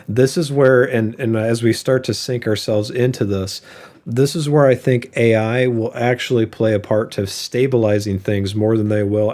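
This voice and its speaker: A man's voice: mid-range voice, a little mellow. A man in his forties co-hosting a casual chat, talking through charts with plenty of fillers. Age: 40s. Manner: conversational, reads and comments on charts with fillers. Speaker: co-host.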